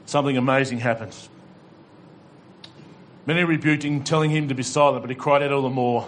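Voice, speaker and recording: A man's voice: mid-range voice, steady tone, normal speed, long pauses, a little hiss or hum. Impassioned male pastor preaching. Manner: impassioned preaching with humorous asides. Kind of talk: sermon. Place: church hall with congregation.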